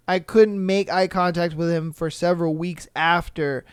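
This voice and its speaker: Man, podcast host, high voice, unhurried, dry close sound, casual storytelling. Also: little pitch movement, clear, resonant tone, no room sound. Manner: laid-back, chatty, with crude jokes. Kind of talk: reading listener stories aloud and reacting.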